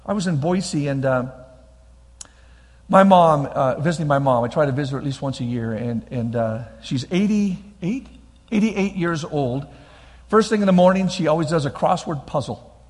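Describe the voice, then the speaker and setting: Husky-voiced pastor preaching in a reverberant hall. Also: male voice, a little high, lively intonation, moderate pace, a little mellow. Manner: emphatic, repeats key lines, frequent restarts. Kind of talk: sermon with personal storytelling. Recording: long reverb of a large hall.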